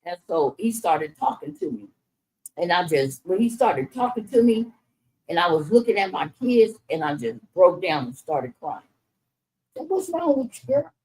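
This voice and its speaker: A woman's voice: on the low side, expressive, moderate pace, a little mellow, rough recording. A middle-aged woman telling her son her life story, frank and conversational, with frequent restarts. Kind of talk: candid personal storytelling in conversation.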